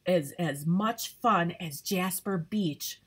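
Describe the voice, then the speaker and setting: A woman's voice: fairly low pitch, slow, breathy edge. A woman voicing a curious zinnia flower in a storybook read-aloud, in her own plain voice.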